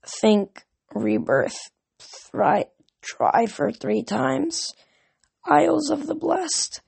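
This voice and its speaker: A woman voicing a dying young man, gasping and croaking as she reads a novel aloud. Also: a little high, wildly swooping pitch, extremely slow, darkish tone, voice pushed up, exaggerated voice. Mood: pleading, weak. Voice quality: raspy, croaking.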